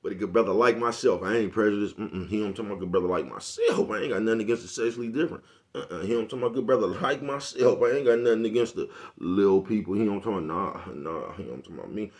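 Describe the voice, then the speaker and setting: A man with a low, deep voice talks quickly and loosely straight to his audience. His street slang is laced with profanity. He keeps circling back to ask if you're following him. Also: lively intonation. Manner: repeats "you know what I'm talking about". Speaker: vlogger. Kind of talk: casual monologue to camera.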